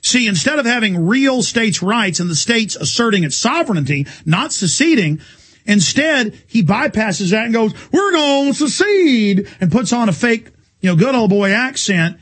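Husky fervent male talk radio host. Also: high-pitched, animated, fairly bright tone. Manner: fast, fervent, emphatic rants. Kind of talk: political talk radio interview.

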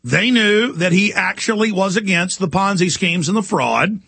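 A man's voice: high-pitched, moderate pace, creaky, bright, forceful tone, husky, no room sound. A man delivering an impassioned, indignant talk radio monologue as the show's host.

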